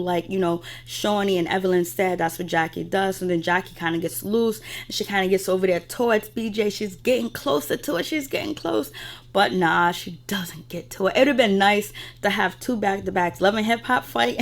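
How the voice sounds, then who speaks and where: Woman TV recap host, chatty and opinionated, mid-pitched, loose casual delivery. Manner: chatty, opinionated, with frequent filler phrases.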